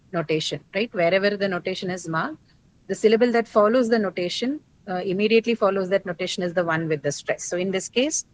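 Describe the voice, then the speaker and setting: A woman's voice: medium pitch, poor audio. A woman with an Indian English accent teaching an English pronunciation class, explaining step by step and checking in with the students. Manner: questioning, explanatory, frequent "right?" checks.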